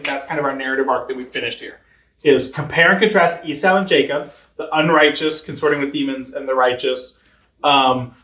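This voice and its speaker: A man's voice: fairly high pitch, a bit bright, roomy sound. A young man teaching a catechism class in a chatty, informal way, full of fillers and light laughter. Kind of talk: casual teaching.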